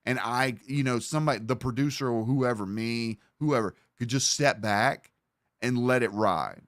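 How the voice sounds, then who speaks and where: A man's voice: medium pitch, moderate pace, dry recording, clean studio sound. A man hosting a livestream, rambling in profane, casual commentary and talking over a video he is reacting to. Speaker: livestream host.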